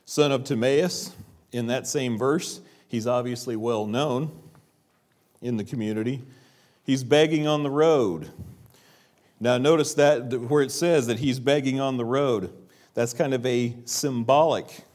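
A man preaching a church sermon, asking rhetorical questions and dropping his voice low for quiet emphasis. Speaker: pastor. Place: church sanctuary.

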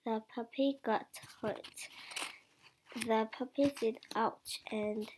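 Slow, halting woman reading a story. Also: fairly high pitch, fairly even intonation, noisy background. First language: not English. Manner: halting, careful word-by-word reading with some words half-whispered. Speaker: English learner reading her story. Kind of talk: reading a short story aloud.

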